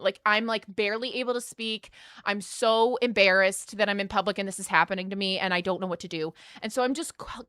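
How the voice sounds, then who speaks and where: A woman streamer telling a story casually to her live chat, animated and rambling, laughing often. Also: medium pitch, smooth, no room sound, clean studio sound.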